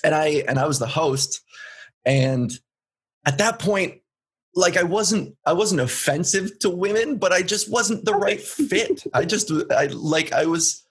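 A man's voice: a little high, animated, a little slow, husky. A young man from Canada, a comedian guest telling a story in casual chat, laid-back and laughing often.

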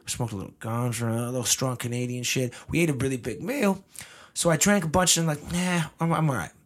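Man, rapid speech, husky, podcast host, joking and profane. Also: mid-range voice, fairly bright tone. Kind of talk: casual chat. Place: based in the US.

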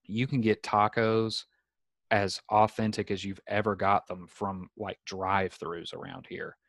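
A man's voice: fairly low pitch, level tone, measured pace, gravelly, fairly bright tone, no room sound. A young man with a Southern accent, hosting a casual podcast chat and telling stories full of "like". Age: young adult. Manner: chatty storyteller, many "like" fillers. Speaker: podcast host. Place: home in San Diego.

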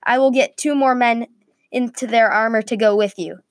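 A woman's voice: a little high, steady tone, moderate pace, no echo, close to an everyday voice. Woman playing a blunt young watchtower guard. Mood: urgent. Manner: shouted across distance.

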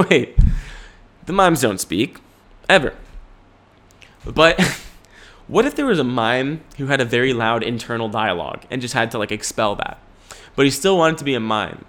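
A man's voice: mid-range voice, animated, moderate pace, fairly bright tone. A man in his twenties hosting a podcast, rambling in goofy, profane chat and slipping into silly voices. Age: 20s. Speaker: podcast host.

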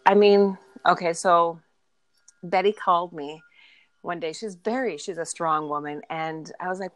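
A woman's voice: lowish voice, unhurried, no room sound, low-quality recording. A woman chatting on a podcast as a guest, telling stories and acting out the people in them. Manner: animated storyteller, acts out quoted friends. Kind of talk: casual chat.

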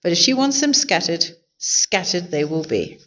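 A woman's voice: lowish voice, very animated, moderate pace, a bit bright, highs cut off. A woman voicing a cheerful, literal-minded housekeeper with folksy, plain-spoken talk in a storybook. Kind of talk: storybook character voice.

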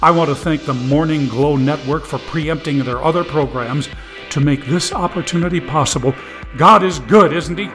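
A man's voice: fairly high pitch, fairly even intonation, moderate pace, over music, natural voice. A man voicing a tearful male TV preacher who pleads fervently with his flock. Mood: preaching. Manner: preachy, rising fervor, pleading.

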